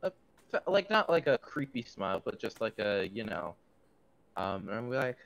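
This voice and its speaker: A man playing a tabletop game who talks casually and excitably, with plenty of swearing. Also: on the low side, moderate pace, vocal fry, noisy background. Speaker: player.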